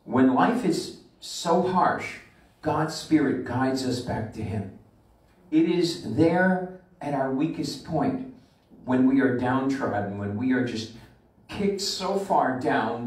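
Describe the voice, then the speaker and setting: A man, a rabbi, delivering a sermon with emphatic preaching that slows and swells on scripture, recorded in a synagogue sanctuary. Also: mid-range voice, expressive, a little mellow. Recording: echoey room from far off the mic.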